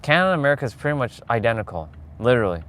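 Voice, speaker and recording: A man's voice: mid-range voice, very animated, racing, a bit bright, a little hiss or hum. A man in his forties chatting casually to viewers while he drives through city streets, rambling from one thought to the next. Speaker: vlogger. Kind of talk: casual live-stream chat while driving.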